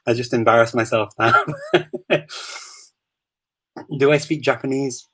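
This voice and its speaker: A man's voice: mid-range voice, steady tone, slow pace, pauses often, fairly bright tone, breathy edge, low-quality recording. A man from Liverpool with a Scouse accent, hosting a casual live Q&A. He chats, laughs often, and fills his answers with ums and restarts. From Liverpool, England. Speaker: host of a live Q&A.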